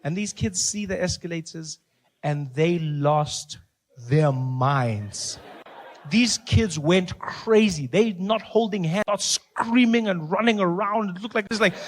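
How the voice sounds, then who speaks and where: A man's voice: high-pitched, slow pace. A man from South Africa doing a stand-up comedy routine, telling stories animatedly and acting out the scenes.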